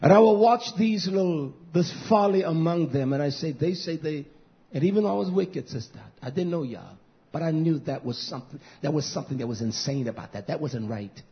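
A middle-aged man preaching a fiery sermon, scolding, dropping to low mutters and whispers, then rising into loud outbursts. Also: expressive, brisk. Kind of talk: fiery street-style sermon. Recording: muffled lo-fi recording.

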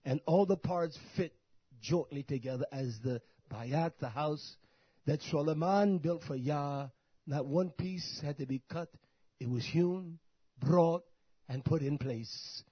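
A man's voice: on the high side, slow pace, slightly rough, no room sound. A man preaching a blunt, scolding sermon, often saying hallelujah and using Hebrew words. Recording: dull, lo-fi dry recording.

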